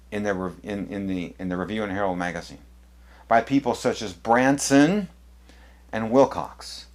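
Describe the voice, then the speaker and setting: A man's voice: medium pitch, darkish tone. A man presenting an apologetics video, walking through on-screen documents with sarcastic, emphatic delivery. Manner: sarcastic, emphatic, leans hard on key words. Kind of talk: critical lecture over on-screen documents.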